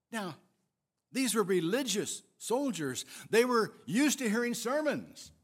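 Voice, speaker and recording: A male pastor delivers a sermon in a fairly high voice. He speaks slowly and deliberately. His pitch swings widely as he stresses words for emphasis. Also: husky. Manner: expressive, emphatic storytelling.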